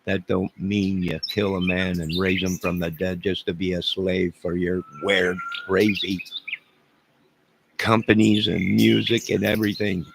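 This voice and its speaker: A man's voice: deep voice, level tone, unhurried, creaky, background noise. A middle-aged man hosting a live stream, rambling and joking as he answers his chat. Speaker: livestream host. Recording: loud birdsong behind voice. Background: loud birds chirping.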